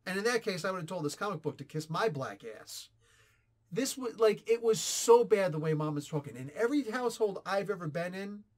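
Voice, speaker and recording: A man in his forties giving a casual, opinionated comic book review, animated and sarcastic. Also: sits high. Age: 40s. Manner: animated, ranting, sarcastic asides.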